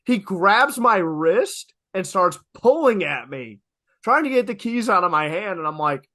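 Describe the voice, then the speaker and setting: Bright-toned young man telling stories. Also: high voice, a little slow, no room sound, studio quality. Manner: animated, emphatic, swears freely, repeats for effect. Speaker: podcast co-host. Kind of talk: casual podcast storytelling.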